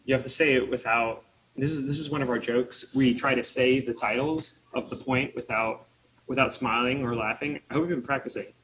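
Jokey guy voice teacher, mid pitch, faint clicks in the background. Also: steady tone, a little fast, fairly bright tone, slight background noise, low-quality recording. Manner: jokey and playful, explaining. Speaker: voice teacher presenter. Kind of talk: conference presentation.

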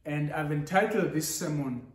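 A man's voice: fairly high pitch, moderate pace. A man preaching a sermon with rising emphasis, switching into Zulu now and then. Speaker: pastor. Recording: echoey church hall.

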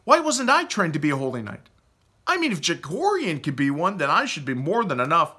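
A man voicing a brash, hot-headed young male warrior who speaks quickly and indignantly, in a storybook reading. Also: sits high, sing-song, fairly bright tone, voice pushed up, exaggerated voice.

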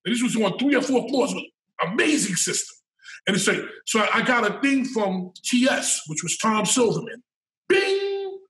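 High-voiced, profane storytelling man. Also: normal speed. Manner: animated, profane, emphatic. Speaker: interview guest. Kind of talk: casual storytelling in an interview. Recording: echoey room, mic at a distance.

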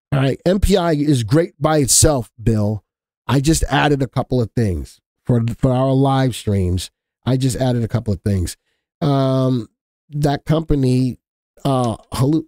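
A man's voice: medium pitch, dark tone, no echo. Chatty man hosting a dry-sounding market livestream. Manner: chatty, joking with chat, colloquial. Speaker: stock market livestream host. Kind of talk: casual live market commentary.

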